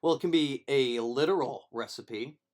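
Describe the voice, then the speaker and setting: A man's voice: mid-range voice, normal speed, darkish tone. A man, a film teacher, chatting playfully and rambling through a casual livestream to his students.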